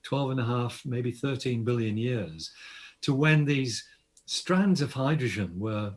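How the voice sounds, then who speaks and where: In this interview conversation, an older Australian astronomer appears as a guest and eagerly explains science, frequently starting over mid-thought. He speaks at a medium pitch, animated but unhurried.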